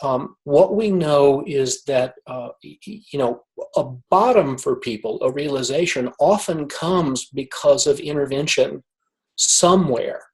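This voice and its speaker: Emotional halting man telling a story. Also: fairly high pitch, rough recording. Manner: emotional, halting, repeats words. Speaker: guest author. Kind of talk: storytelling in conversation.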